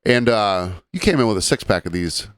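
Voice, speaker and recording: A man's voice: fairly low pitch, expressive, brisk, clean tone. A man co-hosting a podcast in a studio, chatting casually with wry, teasing banter. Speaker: podcast co-host. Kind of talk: casual chat.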